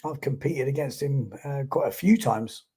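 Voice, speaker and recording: A man's voice: medium pitch, normal speed, mellow, slightly rough. A man giving chatty live commentary on a sports stream and reading out viewer comments.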